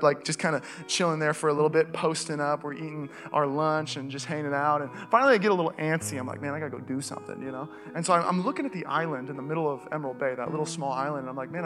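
A male pastor with a Californian accent preaching a sermon, telling a personal story in a casual, animated way that builds to urgent calls. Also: fairly high pitch. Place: church stage.

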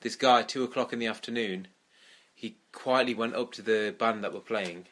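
A man's voice: lowish voice, normal speed, fairly bright tone, slight background noise. A man co-hosting a podcast, chatting casually and telling a story with frequent laughs. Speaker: podcast co-host. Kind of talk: casual chat.

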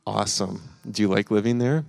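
A man's voice: fairly low pitch, brisk, creaky, darkish tone. A man leading a live church service, encouraging and upbeat, talking with plenty of fillers. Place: church sanctuary.

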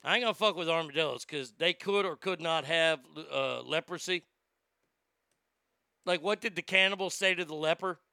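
A man's voice: fairly high pitch, moderate pace, gravelly, bright, forceful tone, clean tone, dry recording. A man delivering a profane, blustering comedic rant, stammering when worked up.

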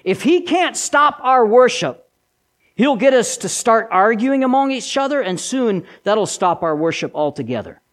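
A man preaching a sermon with an emphatic delivery, repeating key lines and swinging between loud and soft. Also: very high-pitched, very animated, measured pace.

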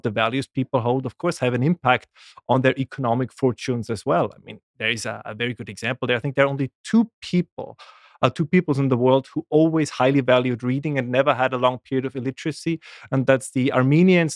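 A man, a guest making lively, animated arguments in a casual political discussion. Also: medium pitch, no room sound, clean studio sound. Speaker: guest commentator.

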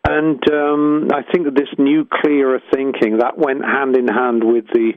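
Brief: male musician guest, halting and reflective, tinny phone-quality recording. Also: mid-range voice, little pitch movement, no room sound. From England. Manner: hesitant, searching, many restarts. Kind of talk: reflective interview storytelling.

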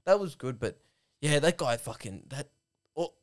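An Australian man in casual sports chat, sweary and animated, often mimicking people. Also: on the high side, moderate pace.

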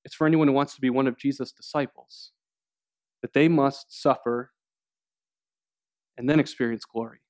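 A man preaching a sermon, earnest and steady, with pauses and restarts as he explains scripture. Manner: earnest preaching, acts out quoted voices with rising pitch. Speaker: pastor.

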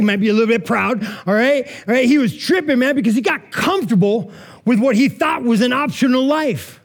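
A man's voice: high-pitched, quick pace. A man preaching a sermon in a casual, conversational way, full of asides and rhetorical questions. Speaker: pastor.

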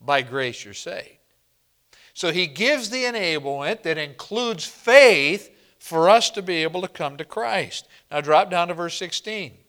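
A man preaching a sermon to a congregation, slow and emphatic, often asking the room questions and answering them. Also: sits high, expressive, a bit bright. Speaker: pastor.

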